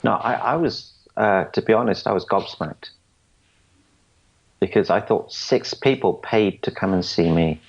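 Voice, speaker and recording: A man in his forties talks through his story in a low, gravelly voice. He is earnest and often stumbles and restarts his sentences. The audio sounds muffled and lo-fi. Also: lively intonation, unhurried. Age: 40s. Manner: earnest, stammers and restarts, quotes others. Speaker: podcast guest. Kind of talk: storytelling interview answers.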